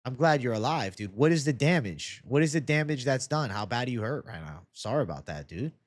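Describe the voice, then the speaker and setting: Young male streamer, average pitch, dry booth-like sound, loose chatty delivery with frequent swearing. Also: expressive, a little fast, no echo. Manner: chatty, reads and answers viewer comments, swears freely. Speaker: MMA YouTube host. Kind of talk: casual live-stream chat.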